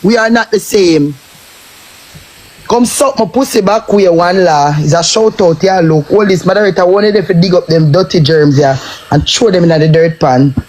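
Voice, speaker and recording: A man's voice: sits high, normal speed, a little mellow, low-quality recording. A man with a Jamaican accent, ranting and taunting in a cursing live stream tirade.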